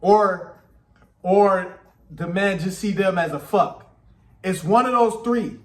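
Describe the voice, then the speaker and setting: Man, high voice, reaction commentary, blunt, repetitive, echoey room. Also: slow pace. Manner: blunt, repetitive, emphatic opinions. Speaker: commentary host reacting to a podcast clip.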